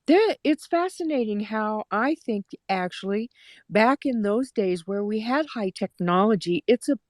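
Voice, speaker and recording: A woman's voice: fairly low pitch, a little mellow, no room sound, studio quality. A woman in a casual discussion, rambling from thought to thought in a blunt, emphatic way.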